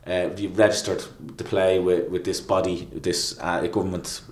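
Rambling man, low voice. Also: flat delivery, normal speed, darkish tone, a little hiss or hum. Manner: rambling, frequent restarts and fillers. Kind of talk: casual chat. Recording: echoey room.

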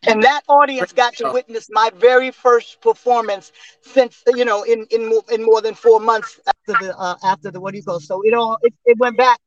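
A woman in her sixties, a singer and interview guest, telling stories in a lively way with laughs and restarts over a remote call. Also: on the high side, normal speed, dry recording, dull audio. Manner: animated storyteller with frequent laughs and restarts. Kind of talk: casual interview storytelling.

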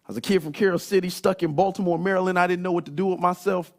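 A man in his thirties preaching a sermon, telling stories in an animated way that climbs into shouts. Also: high voice, very fast. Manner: animated storytelling, rising to shouts. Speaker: pastor.

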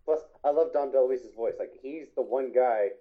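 Co-host, man, mid-pitched, rambling enthusiast, recorded on a muffled lo-fi mic. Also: moderate pace. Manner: enthusiastic, rambling, restarts sentences. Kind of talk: casual chat about animated films.

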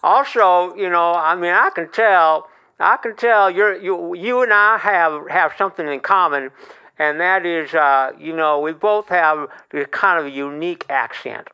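A man's voice: sits high, unhurried, pushed and bright, clean tone, dull audio, exaggerated voice. A man voicing a humble, gushing Southern country fellow with an Ozark accent who rambles and stammers. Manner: rambling, stammering, self-deprecating. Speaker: honorary podcast member.

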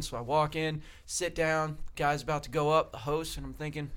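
A man, a comedian and co-host, telling a self-mocking story in an animated way on a podcast. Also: fairly high pitch, brisk, few pauses, smooth.

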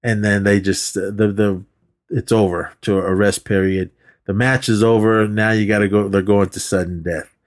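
A man co-hosting a movie podcast, retelling scenes in a casual, animated way and acting out the characters' lines with laughs. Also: on the low side, normal speed. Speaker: podcast co-host.

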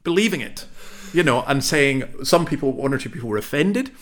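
Scottish male host, mid-pitched, opinionated, casual banter. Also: lively intonation, brisk, a bit bright, slight background noise. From Scotland. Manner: opinionated, chatty, laughs easily. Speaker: podcast host. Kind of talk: casual chat.

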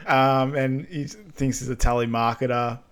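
A man's voice: mid-range voice, fairly even intonation, unhurried, fairly bright tone, clean tone. Man, podcast co-host; laid-back, filler-heavy retelling of movie scenes. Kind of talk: casual film recap chat.

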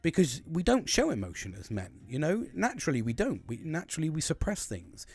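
A man's voice: a little high, wildly swooping pitch, brisk, breathy edge, dry recording. A man in his thirties hosting a late-night podcast, talking candidly and rambling with frequent swearing and restarts. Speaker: podcast host.

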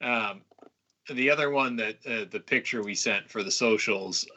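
A man co-hosting a casual movie podcast, halting and full of fillers, quick to argue a point. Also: on the low side, sharp tone, rough recording. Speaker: podcast co-host.

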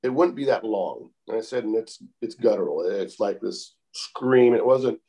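Calm, unhurried man telling a story. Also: lowish voice, vocal fry. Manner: calm, unhurried, repeats "I said" often. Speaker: interview guest telling a story. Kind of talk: casual storytelling.

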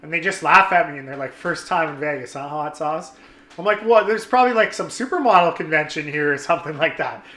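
A young man tells a story with animated swearing and plays his friends' lines as he goes. His voice is bright and a little high, and the room gives it a clear echo. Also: fast talker. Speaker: guest telling a story. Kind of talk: casual storytelling.

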